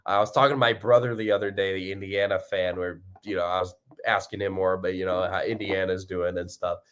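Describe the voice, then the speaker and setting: A man's voice: low-pitched, flat delivery, fairly quick, fairly bright tone, slight background noise. A young man hosting a fan podcast, rambling upbeat commentary with lots of fillers and restarts.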